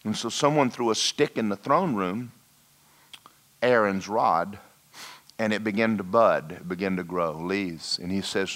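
A man preaching a sermon in a church, telling a personal story and dropping to a hushed voice for emphasis. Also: fairly low pitch, a little slow. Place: church hall.

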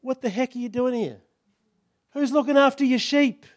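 A man's voice: extremely high pitch, normal speed, pitched above the performer's own voice. A man preaching who voices scornful older brothers scolding their youngest sibling. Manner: scolding, dismissive.

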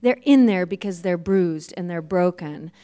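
A woman preaching a sermon, telling personal stories in a lively way and laughing often. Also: lowish voice, moderate pace. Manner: lively storytelling, laughs often, acts out quoted voices. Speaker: guest preacher.

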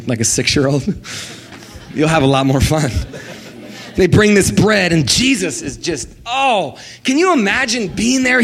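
A male pastor preaches a sermon in an animated, sing-song voice that sits high, leading the congregation in call-and-response.

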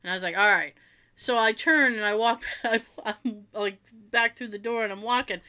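A woman co-hosting a casual chat, telling family stories in an animated way, swearing freely and acting out what relatives said. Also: fairly high pitch, normal speed.

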